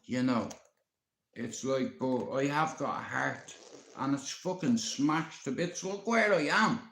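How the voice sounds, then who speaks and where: A man's voice: mid-range voice, slow, creaky, a bit bright, slight background noise. An upset Irish man on a live stream, rambling and swearing often as he talks to a friend. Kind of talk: emotional live-stream rant. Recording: echoey roomy sound.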